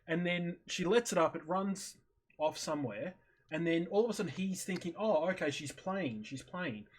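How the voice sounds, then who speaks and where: Husky, higher-voiced man retelling a story. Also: normal speed. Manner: animated storyteller acting out his own reactions. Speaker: streamer in voice chat. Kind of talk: casual chat, retelling a video. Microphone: headset or desk mic on voice chat.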